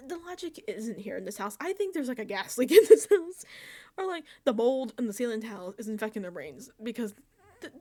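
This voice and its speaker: A woman host giving a casual, animated recap of a reality show, laughing often and sounding exasperated. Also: on the high side.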